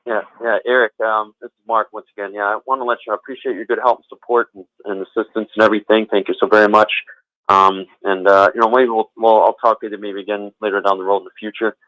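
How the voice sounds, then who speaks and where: A male caller phones in to say goodbye, rattling off thanks again and again. He talks quickly in a fairly low voice. The line sounds dull and lo-fi. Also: little pitch movement, no echo. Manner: repetitive, effusive thanks.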